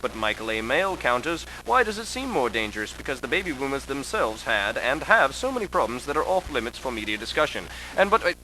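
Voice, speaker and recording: A man narrates a mock-serious documentary, dry and pompous like an academic. His pitch moves in a lively way from line to line, and a steady noise sits under the voice. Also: a little fast, hardly any pauses, poor audio.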